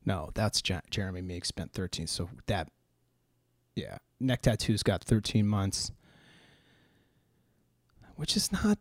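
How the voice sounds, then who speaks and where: A man's voice: low voice, animated, slow pace, long pauses, no echo, studio quality. An American man rambling through news in a casual, profane, joking way, full of fillers and restarts. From United States.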